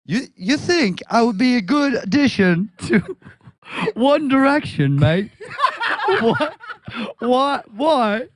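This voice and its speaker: Here is an American man doing a put-on British accent in a playful spirit. The voice sits high and swoops about with lively pitch, and the sound is dry and close. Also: takes it slowly, no room sound, heavily acted. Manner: playful, laughing through the lines. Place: radio studio.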